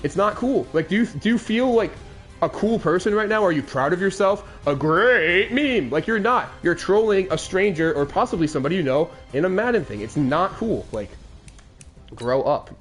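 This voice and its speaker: A man's voice: high-pitched, expressive, normal speed, soft background music. A man in his twenties hosting a game commentary show, recapping a lost Madden game in a crude, aggrieved rant. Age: 20s.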